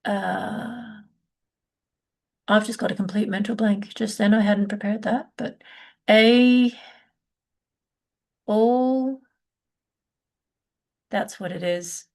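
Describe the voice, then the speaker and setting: Middle-aged female music teacher, unhurried, gravelly edge, halting delivery with restarts. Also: medium pitch, fairly even intonation, a little mellow. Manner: halting, many fillers and restarts, patient. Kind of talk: live online lesson, unscripted explanation.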